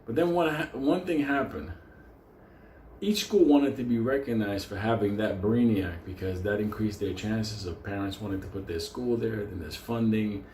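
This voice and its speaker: A man's voice: on the low side, moderate pace, darkish tone. A man telling a profane, comedic story in a crude, rambling way, jumping into voices for the people in it. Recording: roomy sound with faint ambient noise.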